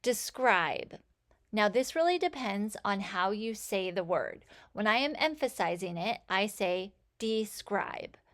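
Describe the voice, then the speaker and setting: A woman teaching a phonics lesson, sounding out letters and words with slow, clear enunciation. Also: medium pitch, lively intonation, a bit bright. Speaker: reading teacher.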